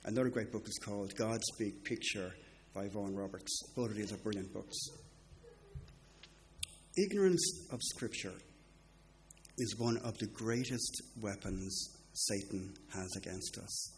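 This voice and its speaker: A man with a fairly low voice preaches with earnest emphasis, slowing down for his key points and speeding through his asides. The delivery is steady and measured, like a teaching sermon. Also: slight background noise. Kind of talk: sermon with book recommendations.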